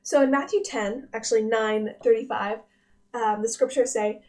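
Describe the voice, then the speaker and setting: A young woman with a fairly high voice talks through a personal devotional. She is earnest and gentle, pausing to reflect and often restarting her sentences as she thinks aloud. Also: fairly even intonation. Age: young adult. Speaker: devotional vlog host, nursing student.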